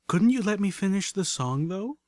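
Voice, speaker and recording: A man's voice: mid-range voice, a little fast, no room sound, studio quality, natural voice. A man voicing a refined, gracious female pony singer with a prim, genteel manner in an audiobook reading.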